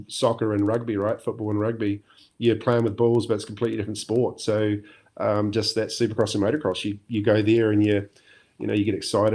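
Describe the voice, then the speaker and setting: Middle-aged New Zealand man, low and even voice, easygoing rambling interview guest. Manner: relaxed, rambling, many fillers and restarts. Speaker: podcast guest, former motocross champion. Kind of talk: casual interview chat.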